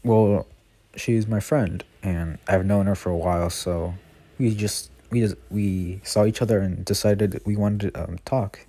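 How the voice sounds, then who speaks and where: A man voicing an easygoing young male adventurer in a fan story, talking in a relaxed way. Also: lowish voice, measured pace, no echo. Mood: calm. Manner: relaxed, lots of "like" fillers.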